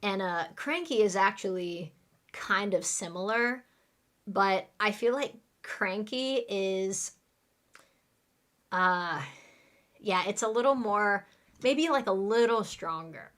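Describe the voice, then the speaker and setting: A woman's voice: mid-range voice, lively intonation, slow pace, long pauses, a bit bright. A woman English teacher giving a live online lesson, explaining words in plain terms and leading repeat-after-me drills.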